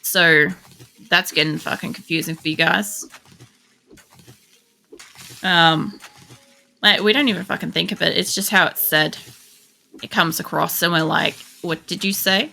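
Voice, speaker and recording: An Australian woman talks as she plays a game at home, rambling and casual and swearing freely. Her voice sits low and gravelly, yet has a bright edge. She has a faint hiss behind her. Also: fairly even intonation, a little slow, pauses often. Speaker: game streamer. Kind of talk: casual chat while playing. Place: home computer setup.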